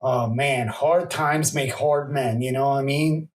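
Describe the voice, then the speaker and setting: A man's voice: medium pitch, steady tone, measured pace, recorded from a distance. A man co-hosting a podcast, easygoing and agreeable, often stumbling through fillers. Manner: laid-back, agreeable, fumbling with fillers. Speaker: podcast co-host. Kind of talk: casual comedic podcast banter.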